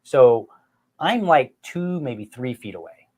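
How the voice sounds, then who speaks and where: A middle-aged man hosting a podcast, telling a family story in an animated, self-mocking way and talking straight to his listeners. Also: mid-range voice, slow. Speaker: podcast host. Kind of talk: casual storytelling chat.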